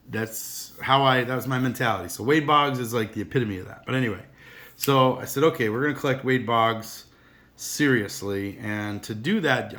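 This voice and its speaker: A man's voice: lowish voice, a bit bright. A middle-aged man chatting casually to camera about his collection, rambling and earnest with many restarts. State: emotional, teary. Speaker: card collector vlogger.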